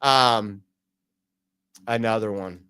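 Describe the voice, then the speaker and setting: A man's voice: lowish voice, extremely slow, pushed and bright, smooth, no echo. A man hosting a casual live stream from home, talking loosely with many fillers. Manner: rambling, many fillers, reads out jokes. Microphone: home streaming computer.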